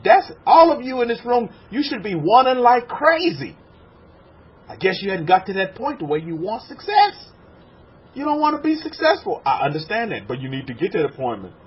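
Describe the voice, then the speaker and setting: A man's voice: high voice, sing-song, normal speed, slightly rough. A man from Texas, a rabbi preaching a sermon to a congregation in a room, repeating words and acting out quotes. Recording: dull lo-fi sermon recording with faint noise.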